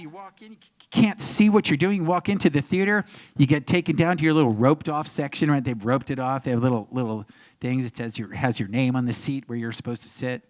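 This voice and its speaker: Animated man telling a story on a convention panel. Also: a little fast. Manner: acts out crowds and voices, big pitch jumps. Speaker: actor guest on a convention panel.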